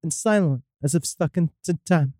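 Man, high voice, dry close mic; casual podcast host reading spooky stories aloud, jokey. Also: moderate pace, mellow, no room sound. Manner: loose, jokey retelling with mock broken grammar.

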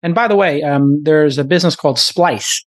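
A man hosting a podcast, riffing quickly in casual chat at a studio mic. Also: on the high side, no echo. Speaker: podcast host.

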